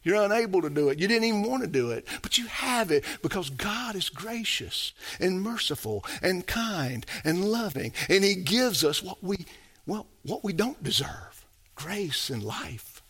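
Man, preacher, sermon, high voice, loud then hushed, calls out to the congregation. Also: big pitch swings, unhurried, slightly rough. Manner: swings between loud emphasis and soft, low-voiced asides; asks the congregation for responses.

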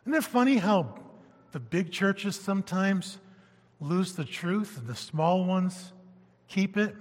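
A pastor preaching a sermon, animated and emphatic, moving between loud peaks and hushed stretches, in a church sanctuary. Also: male voice, sits high, takes it slowly. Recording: long reverb of a church hall.

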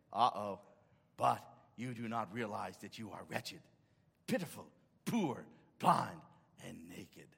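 A man's voice: medium pitch, expressive, moderate pace, gravelly, a bit bright, long reverb tail. A male pastor preaching a sermon, quoting scripture with dramatic emphasis and rising intensity. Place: church sanctuary.

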